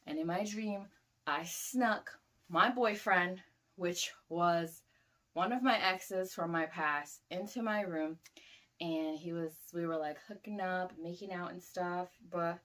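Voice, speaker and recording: A woman's voice: lowish voice, sharp tone. A woman in her twenties casually recounting a story, with loose, profane talk full of "like". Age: 20s. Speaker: vlogger.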